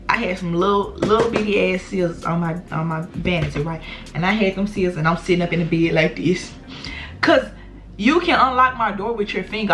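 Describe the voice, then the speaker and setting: A young adult woman vlogger telling a storytime straight to her viewers. She talks in an animated, slangy way and swears freely. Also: medium pitch. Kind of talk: storytime vlog.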